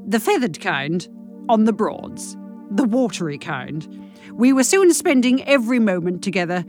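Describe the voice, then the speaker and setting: A woman reading a comic monologue with dry, deadpan delivery. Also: medium pitch, moderate pace, soft background music. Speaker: comic storyteller.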